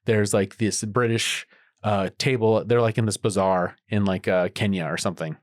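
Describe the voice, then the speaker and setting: Man, podcast co-host, lowish voice, rambling, lots of fillers, dry close mic. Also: fairly even intonation, moderate pace, dry recording. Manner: rambling, many fillers and restarts. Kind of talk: casual chat.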